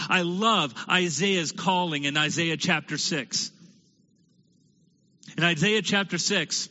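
A man preaching a sermon with a bright, forceful, fairly high voice. He presses his listeners with rhetorical questions and sinks to a hush to drive points home. The sound is dull and lo-fi and rings with a long hall reverb from the sanctuary. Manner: preaching in rhetorical questions, swinging from loud emphasis to hushed. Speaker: pastor.

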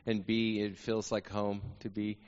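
A man's voice: lowish voice, little pitch movement, unhurried, darkish tone, clean tone. A man from New Mexico speaks to a congregation as a guest preacher. He is joking and self-deprecating. His voice carries a long reverb from a large church hall, and the sound is somewhat muffled. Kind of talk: sermon opening. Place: church sanctuary.

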